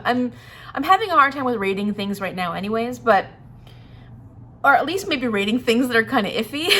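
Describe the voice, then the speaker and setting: A woman's voice: fairly high pitch, sharp tone, slight background noise. A woman chatting casually about books in a vlog, rambling a little and laughing often. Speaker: book vlogger. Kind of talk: casual chat.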